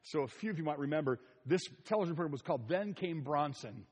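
A middle-aged man preaching a sermon, telling stories with asides and soft chuckles. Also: fairly high pitch, expressive, fast talker, breathy edge. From Ohio. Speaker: pastor. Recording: long reverb of a large hall.

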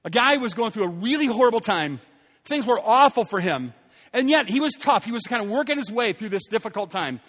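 A man delivers a sermon in a church. His voice sits high, and he tells his stories in an animated way, acting out the people in them. A long hall reverb trails after every phrase. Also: brisk. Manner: animated storytelling, voices quoted characters. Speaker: pastor. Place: church sanctuary.

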